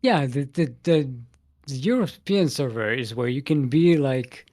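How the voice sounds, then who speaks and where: Brief: playful male esports caster, mid pitch, very animated intonation. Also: measured pace. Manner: playful, laughs often, jokes between play calls. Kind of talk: casual live game commentary.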